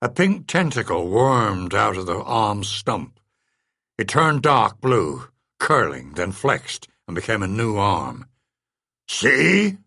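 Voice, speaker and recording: A man giving a measured, dry first-person audiobook narration into a close studio mic. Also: fairly low pitch, very animated, bright, forceful tone, dry recording.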